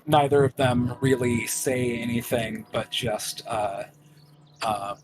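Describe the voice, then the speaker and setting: A man narrating as game master for a tabletop game, slow and hesitant, with lots of ums and uhs. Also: mid-range voice, noisy background.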